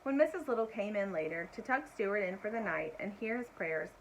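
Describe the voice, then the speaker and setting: A woman reading a children's chapter book aloud in a gentle, expressive way, adding little asides for young listeners. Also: mid-range voice, a little fast, a little hiss or hum, poor audio. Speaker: storyteller.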